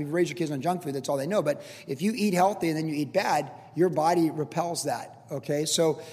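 A man's voice: high voice, a little mellow. An older man, preaching a sermon as a pastor in a conversational, earnest teaching style with casual asides. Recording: long hall reverb.

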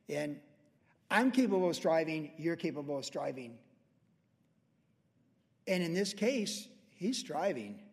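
A pastor with a high voice teaches scripture verse by verse, talking to the room like a friend and dropping into quoted voices. His words ring out with the long reverb of a large church hall. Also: a little mellow. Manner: conversational, acts out quoted voices.

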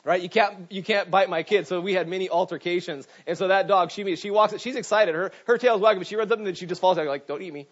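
Animated male preacher, lo-fi sound. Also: high voice, fast talker, few pauses. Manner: animated storytelling with frequent "right?" asides. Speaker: pastor. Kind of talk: sermon. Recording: dull lo-fi sound.

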